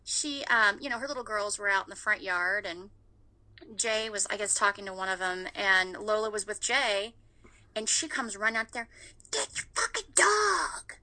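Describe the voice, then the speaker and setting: A woman's voice: medium pitch, moderate pace, sharp tone, poor audio. A woman in her thirties in casual chat, telling a story with animation and swearing freely.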